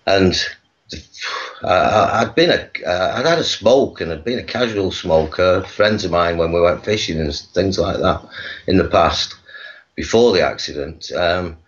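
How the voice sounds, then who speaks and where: A man from England, a guest on a video call, telling his life story in a halting way full of pauses. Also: sits low, dull audio. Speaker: guest, activist.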